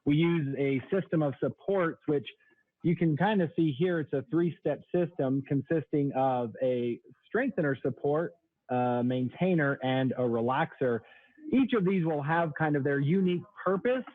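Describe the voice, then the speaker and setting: Over a tinny, dry phone line, a man in his thirties speaks at a moderate pace. He's a sales trainer guesting on a radio show, walking listeners through products in an explanatory, pitch-like way.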